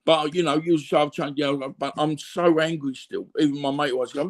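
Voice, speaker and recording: Speaking with a fairly high pitch and steady tone at a slightly quick pace, this middle-aged Londoner with a Cockney accent is an interview guest. His candid stories are blunt and meandering, full of fillers and repeated words.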